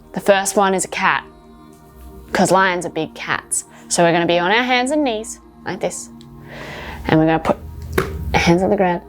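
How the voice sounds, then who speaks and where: A woman coaching children through yoga poses while telling a story, encouraging and instructive. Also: on the low side.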